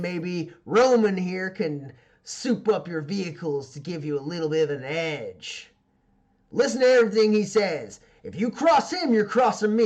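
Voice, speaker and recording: A man's voice: low-pitched, voice pushed down. A man voicing a tough, commanding female gang boss who barks orders and threatens. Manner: bossy, loud, threatening.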